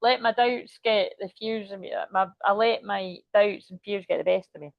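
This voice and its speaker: A woman's voice: mid-range voice, moderate pace, vocal fry, no echo, lo-fi sound. Chatty woman reading tarot. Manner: chatty, rambling, swears casually. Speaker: tarot reader.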